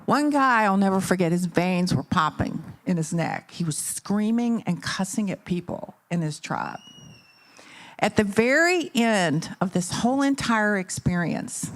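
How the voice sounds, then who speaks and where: A middle-aged woman speaks to a conference crowd in an animated storytelling manner. Her pitch sits in an ordinary middle range for a woman. She keeps asking the listeners rhetorical questions as she drives her motivational points home. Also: a little slow. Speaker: keynote speaker. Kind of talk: motivational talk to a live audience. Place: conference venue.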